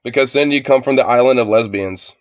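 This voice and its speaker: Male streamer, rambling and profane live commentary, smooth voice, dry sound. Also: mid-range voice, a little fast, no room sound. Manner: rambling, heavy fillers and swearing. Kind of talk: livestream commentary. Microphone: phone.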